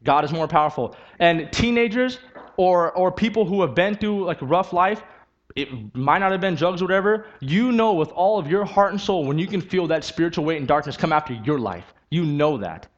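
A young youth preacher shares his testimony in a sermon, earnest and emphatic, repeating points to drive them home. His voice is fairly high and animated at a moderate pace, captured on a dull lo-fi recording.

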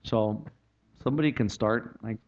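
A man's voice: lowish voice, normal speed, lo-fi sound. A male pastor preaching a sermon, quoting scripture and appealing earnestly to his congregation. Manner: preaching, animated with rising emphasis and scripture quotes.

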